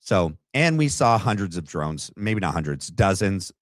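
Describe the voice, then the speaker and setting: A man's voice: low voice, sing-song, normal speed, no echo. A man hosting a livestream, reacting to clips in blunt, mocking casual commentary and calling people names. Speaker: livestream host.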